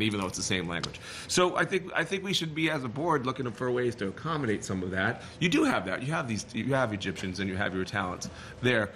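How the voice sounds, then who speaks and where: A man from Boston with a Boston accent, a board member speaking in a meeting, animated and full of restarts. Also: on the low side, fast talker, a little hiss or hum. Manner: animated, rambling, frequent restarts.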